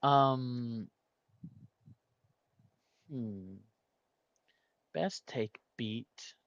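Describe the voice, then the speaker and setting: A man's voice: mid-range voice, very slow, dry recording, dull audio. A man hosting a gaming video, thinking aloud and muttering guesses as he works through a word puzzle. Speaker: gaming channel host. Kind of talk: casual puzzle-solving commentary.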